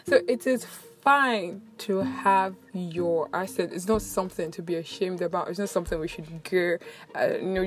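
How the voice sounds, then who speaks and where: A young woman with a Nigerian accent chatting in a casual vlog, animated and laughing often as she tells stories. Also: fairly low pitch. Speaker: vlogger. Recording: music playing underneath. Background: background music.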